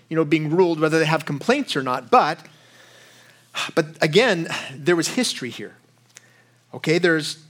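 A man's voice: a little high, a bit bright. A young adult man giving a sermon in a conversational style, voicing quoted lines with a lifted voice. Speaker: pastor.

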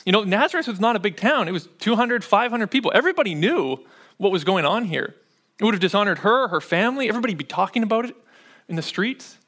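Man, high voice, pastor giving a sermon, conversational, checks in with listeners. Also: expressive, fast, a bit bright. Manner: conversational preaching, frequent "right?" check-ins.

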